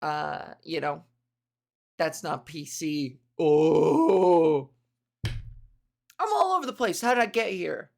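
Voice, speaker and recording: A woman's voice: low voice, wildly swooping pitch, takes it slowly, vocal fry, pauses often. A woman comedian hosting her podcast, riffing in a rambling, profane, self-interrupting monologue.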